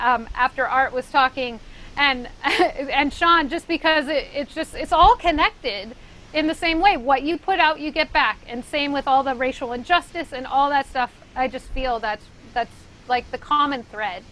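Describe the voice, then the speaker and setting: A woman talks as a guest on a DJ panel, sharing a personal story in an earnest, animated way. Her voice sits high and has a bright, forceful edge. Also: normal speed, low-quality recording. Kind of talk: casual panel discussion.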